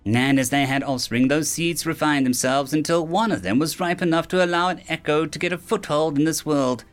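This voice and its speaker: A man's voice: fairly high pitch, fairly quick, soft background music, natural voice. A man voicing a mercurial ancient female fairy who swings from bubbly to snappish. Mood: airy. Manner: bubbly then snappish, theatrical.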